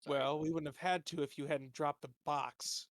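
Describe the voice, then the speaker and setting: A blunt, scornful thug, put on by a man in a tabletop game, slapping down his partner with flat, cutting comebacks in a fairly high, quiet, dry voice. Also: normal speed, no room sound, natural voice.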